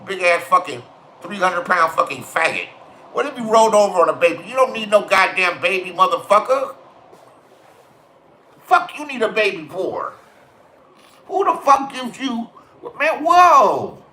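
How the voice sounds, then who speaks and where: A man's voice: sits high, expressive, moderate pace, sharp tone. A middle-aged man from California giving a crude, confrontational rant full of swearing and street stories. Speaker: vlogger. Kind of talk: profane ranting monologue. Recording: roomy echo.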